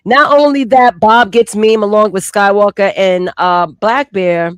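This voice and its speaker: A man's voice: sits high, fairly even intonation, unhurried, a bit bright, smooth, dry recording. A young man on a live panel show, teasing and laughing in casual chat.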